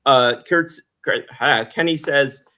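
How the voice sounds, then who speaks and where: Bright, rambling man reading comments. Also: mid-range voice, slow pace. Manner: rambling, filler-heavy, joking. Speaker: podcast co-host reading viewer comments. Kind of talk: casual chat.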